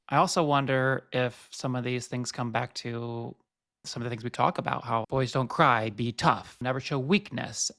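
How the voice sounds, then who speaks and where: Man, gravelly voice, mid pitch, reflective podcast chat, thinking aloud. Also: a bit bright. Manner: thoughtful, musing aloud, asks follow-up questions. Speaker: podcast co-host.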